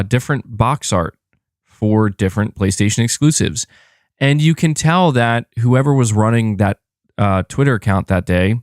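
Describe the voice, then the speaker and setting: A man hosting a gaming podcast in casual chat, reading viewer comments and talking in a monotone voice with a slightly sore throat. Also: lowish voice, clean tone, no echo, studio quality. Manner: rambling, restarts phrases, reads viewer comments aloud. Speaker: podcast host.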